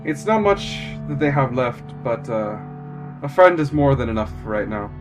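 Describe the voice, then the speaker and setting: A man's voice: mid-range voice, sing-song, over music, natural voice. A man voicing Nightingale, a remorseful heroine. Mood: gentle. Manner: halting, apologetic, soft-spoken. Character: remorseful adult woman hero and mentor to kids.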